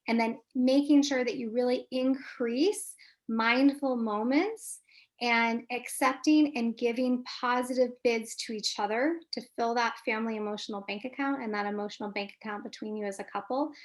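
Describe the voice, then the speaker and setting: A woman therapist answering parenting questions in a live webinar, in a coaching manner. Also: fairly high pitch. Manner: warm, coaching, asks if answers helped. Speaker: licensed marriage and family therapist, webinar guest.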